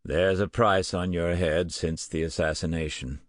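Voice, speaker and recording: A man doing a gruff American professor. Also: sits low, fairly even intonation, a little slow, no echo, clean studio sound. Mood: blunt. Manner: blunt, gruff. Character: determined middle-aged male professor with an American accent.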